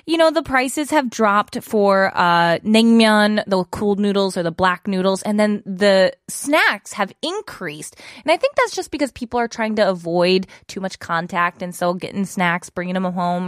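A woman's voice: medium pitch, a bit bright, no echo, studio quality. A woman hosting a radio show, chatting casually as she explains words and asks her listeners questions. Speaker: radio show host teaching Korean.

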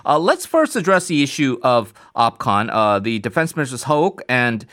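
A man with a middle-range voice hosts a radio news interview, setting up the background and then putting questions to a guest. He talks conversationally and often pauses on filler sounds. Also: medium pitch, very animated, fairly bright tone.

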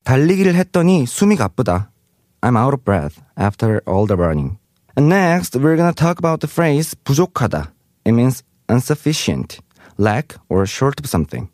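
A man's voice: medium pitch, sing-song, fast, darkish tone, no echo, studio quality. A man teaching Korean vocabulary in English. He reads example sentences aloud and translates each one. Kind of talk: explaining vocabulary.

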